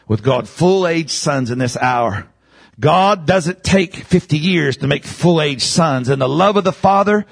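A man preaching a sermon, dropping low then rising into loud, high shouts. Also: vocal fry, breathy edge.

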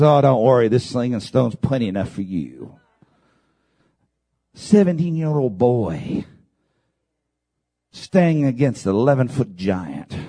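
A man preaching a fervent sermon, building to shouted climaxes and dropping into dramatic pauses. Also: mid-range voice, husky.

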